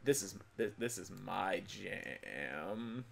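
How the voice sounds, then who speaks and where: Man playing a game, swearing and yelling. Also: sits low, expressive, extremely slow, creaky. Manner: swears a lot, laughs often, shouts when frustrated. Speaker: gaming channel host. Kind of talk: casual let's-play commentary.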